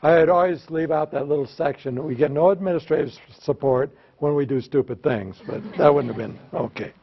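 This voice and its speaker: A man with a fairly high voice leads a teachers' workshop, spinning folksy, self-mocking stories from his classroom days. He pauses to have the room repeat key phrases with him. The recording sounds a little dull and lo-fi. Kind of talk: storytelling lecture with audience call-and-response.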